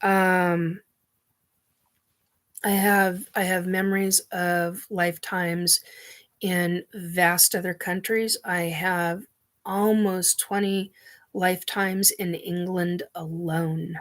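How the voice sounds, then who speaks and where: A woman hosting her own show, talking in a halting, earnest way as she searches for words. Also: fairly low pitch, little pitch movement, fairly bright tone. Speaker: show host. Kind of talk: personal monologue.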